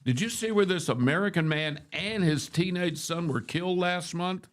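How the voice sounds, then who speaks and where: A man's voice: high-pitched, moderate pace. An older man hosting a morning show, telling long rambling stories in casual chat, full of restarts and asides. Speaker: radio show host.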